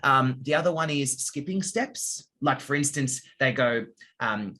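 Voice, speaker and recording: Appearing as a copywriter guest in an interview, a man gives casual answers and explains his points with examples. Now and then he acts out readers' reactions in quick asides, his mid-range voice animated, pushed, and bright.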